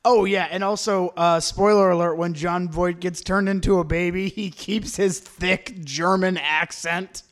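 A man's voice: sits high, steady tone, measured pace, hardly any pauses. A man co-hosting a comedy podcast, riffing with jokey asides in casual chat. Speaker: podcast co-host.

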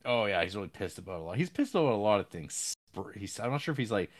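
A man casually recapping a film's plot with rambling fillers and restarts, jumping up in pitch when he acts out characters' lines. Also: big pitch swings, fast talker.

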